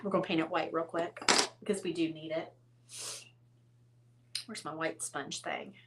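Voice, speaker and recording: A woman's voice: low-pitched, steady tone, normal speed, heavy background noise. A woman hosting a casual painting tutorial, chatty and self-teasing as she talks straight to her viewers while she works at a crafting table.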